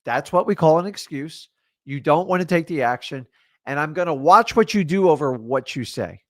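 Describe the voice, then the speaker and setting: A man's voice: a little high, animated, moderate pace, a bit bright, no room sound, clean studio sound. A man coaching on a live stream, blunt and fired up, lecturing his viewers on accountability. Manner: imitates excuses in mocking quoted voices. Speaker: real estate wholesaling coach.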